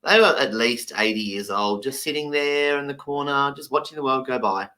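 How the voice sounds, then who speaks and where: A man telling comic stories in a lively way, acting out the people in them. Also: mid-range voice, normal speed. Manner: animated, acts out the people in his stories. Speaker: comedian. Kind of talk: comedic storytelling.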